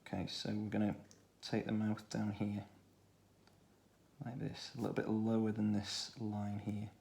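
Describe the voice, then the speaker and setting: A man with a Stoke-on-Trent accent, talking through a children's drawing tutorial in a relaxed way, thinking aloud as he draws. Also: lowish voice, measured pace, creaky. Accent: Stoke-on-Trent English. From England. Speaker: art tutor.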